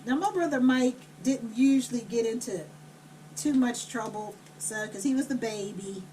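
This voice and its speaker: A woman vlogger telling a family story while cooking at home, animated, laughing and blunt. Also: on the high side, moderate pace, far from the mic, a little hiss or hum.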